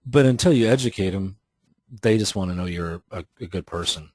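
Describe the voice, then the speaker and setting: A man's voice: sits low, a little fast, a little mellow, no echo, clean studio sound. A man teaching real estate agents how to write follow-up emails, in a conversational style full of restarts and fillers. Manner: conversational, many restarts and fillers, explains with examples. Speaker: real estate marketing trainer. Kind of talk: recorded training talk.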